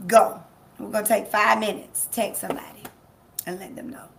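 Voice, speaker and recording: A woman's voice: medium pitch, flat delivery, moderate pace, gravelly, noisy background. A woman life coach hosting a live-streamed motivational talk. She speaks emphatically, repeats key phrases, and talks straight to her audience. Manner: laughs easily, chats with people in the room. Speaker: life coach and show host.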